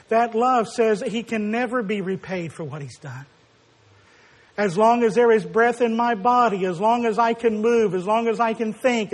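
A male preacher with a strikingly high voice delivers a sermon. He speaks with emphasis, pushing up to forceful declarations. When he tells a story, he acts out the quoted dialogue.

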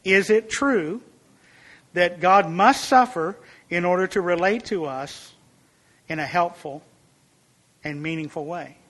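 A man's voice: slow pace, long pauses, fairly bright tone. A man preaching a sermon in an earnest, emphatic way. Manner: earnest, emphatic, rises in pitch and volume for illustrations.

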